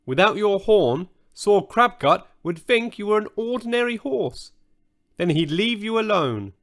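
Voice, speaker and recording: A man's voice: sits high, lively intonation, unhurried, fairly bright tone, voice pushed up, full character voice. A man voicing a brave, stubborn young girl in a children's story, earnest and determined.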